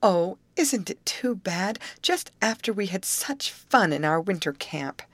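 A woman's voice: lowish voice, lively intonation, measured pace, dry recording, pitched above the performer's own voice. Woman reading a sad, tender-hearted girl. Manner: eager, sorrowful.

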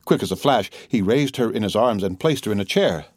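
A man narrating a classic novel as an audiobook in a steady, measured way. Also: lowish voice, slightly rough, dry recording, clean studio sound.

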